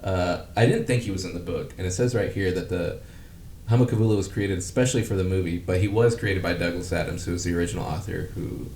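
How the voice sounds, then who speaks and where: A man's voice: quick pace, a little mellow. A man co-hosting a podcast in casual chat, rambling, swearing freely and laughing at himself. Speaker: podcast co-host. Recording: roomy, distant mic with faint rumble.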